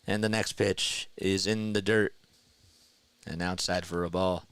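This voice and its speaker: Bright, crisp-voiced young man calling baseball. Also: measured pace, no room sound. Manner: rises sharply in pitch and volume on big plays, calm and low when reading chat. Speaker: play-by-play host of an online stream. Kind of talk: live play-by-play commentary with viewer chat.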